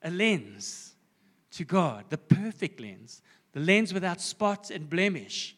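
A South African pastor preaches in an earnest, conversational way, often restarting his sentences. His voice sits somewhat high for a man. The sound carries the long reverb of a church hall. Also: very animated, slow pace, a bit bright. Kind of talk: sermon. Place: church service.

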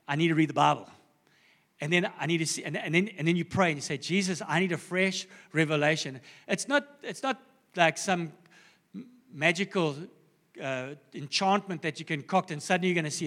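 A South African pastor preaches in an earnest, conversational way, often restarting his sentences. His voice sits somewhat high for a man. The sound carries the long reverb of a church hall. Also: fairly bright tone. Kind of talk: sermon. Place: church service.

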